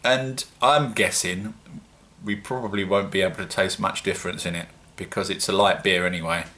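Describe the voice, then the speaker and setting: A man with a British accent talks to his viewers in a loose, rambling vlog. His voice sits low yet comes across bright and forward, and he pokes fun at himself as he chats. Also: steady tone, moderate pace. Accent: British English. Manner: chatty, rambling, self-mocking. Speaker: home-brewing vlogger. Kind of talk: casual solo vlog.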